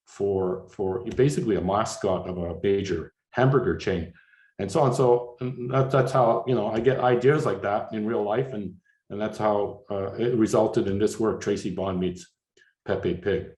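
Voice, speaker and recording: Halting older man lecturing in an echoey hall. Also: fairly low pitch, a little mellow. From Canada. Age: 60s. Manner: halting, many fillers and restarts. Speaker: artist giving a slide lecture. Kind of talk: informal lecture with slides.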